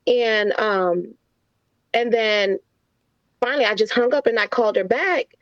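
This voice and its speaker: A woman guest, a mother and nurse, telling a story from her family life in an animated way and acting out what was said. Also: a little high, measured pace, dry recording. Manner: animated storyteller who acts out the quotes in her stories. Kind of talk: casual interview storytelling. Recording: slightly dull, lo-fi dry sound.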